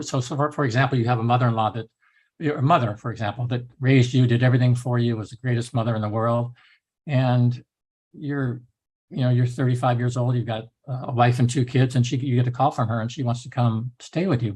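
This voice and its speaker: A man's voice: medium pitch, steady tone, a little fast, a little mellow. A man instructor giving a recorded lecture in a loose, rambling way with many restarts.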